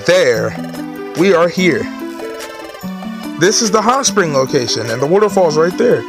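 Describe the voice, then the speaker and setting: A man voicing a kindly old male creature who minds a hot spring, with a gentle, grandfatherly manner. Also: fairly high pitch, sing-song, a little slow, over music.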